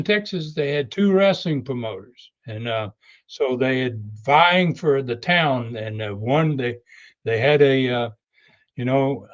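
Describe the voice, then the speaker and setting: An older man and guest telling a long anecdotal story, unhurried and full of fillers and restarts. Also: mid-range voice, highs cut off. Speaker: wrestling legend guest.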